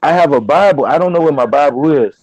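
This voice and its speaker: A man's voice: a little high, animated, quick pace, a little mellow, slightly rough, dry recording. A man in a casual online panel chat, talking loosely with slang and frequent fillers. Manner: loose, slangy, keeps saying "you know what I'm saying". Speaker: panel guest. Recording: dry lo-fi call audio.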